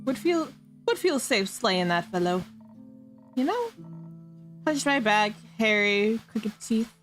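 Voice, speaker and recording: A woman's voice: mid-range voice, animated, unhurried, a bit bright, faint music behind. A woman streamer doing giggly, playful improvised role-play, stumbling over made-up fantasy names.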